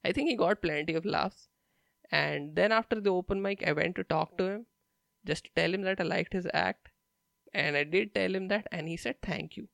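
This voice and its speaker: A man's voice: high-pitched, moderate pace, gravelly, fairly bright tone, no echo. A young man from India, a stand-up comedian telling stories in a blunt, profane, casual monologue.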